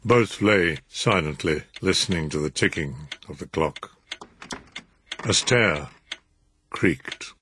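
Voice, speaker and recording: A man narrating a story in an expressive, measured reading. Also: rumbling low, a little hiss or hum. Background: music.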